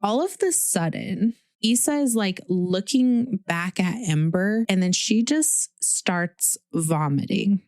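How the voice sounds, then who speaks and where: A woman in her thirties hosting a podcast, casually telling a personal story in a chatty, animated way with lots of "like". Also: mid-range voice, slow, few pauses, no echo, clean studio sound. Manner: chatty, uses "like" often, animated retelling. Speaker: podcast host.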